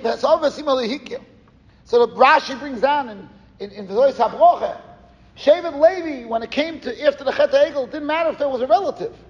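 A rabbi delivers an animated yeshiva-style lecture, his fairly high voice full of stories and Yiddish and Hebrew terms woven into English. The room around him rings with a long, hall-like reverb, as in a big camp hall. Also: dull audio. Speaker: rabbi giving a Torah class.

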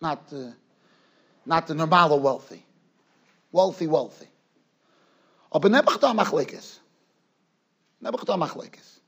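Male rabbi, lecture style, animated delivery with repeated phrases; high, slightly husky voice. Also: a little slow, pauses often, lo-fi sound. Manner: animated, repeats words for emphasis. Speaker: rabbi giving a Torah class. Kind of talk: Torah lecture with storytelling. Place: yeshiva study hall.

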